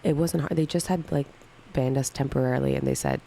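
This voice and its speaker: Woman, thirties, very gravelly voice, dark and mellow tone, casual chat with viewers. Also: extremely low pitch, huge pitch swings, brisk, a little hiss or hum, poor audio. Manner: chatty, candid, answers viewer questions one by one. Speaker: livestream co-host. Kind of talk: casual chat answering livestream chat.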